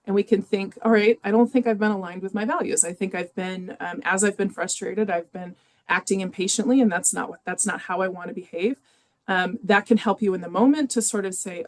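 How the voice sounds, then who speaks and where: A woman leads a teaching webinar in a relaxed, conversational way. She talks at a middling pitch, often pausing on small fillers as she works through examples. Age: adult with children in youth sports. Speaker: webinar presenter. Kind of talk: educational webinar talk.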